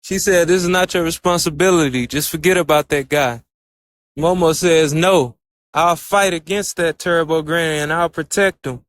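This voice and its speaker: A man with a somewhat raised pitch recaps an episode in a loose, conversational way. He chains one scene to the next, quoting the characters in his own plain voice. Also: normal speed, a bit bright. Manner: retells scenes with running "and so" and "she says". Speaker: anime recap reviewer. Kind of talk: casual story recap.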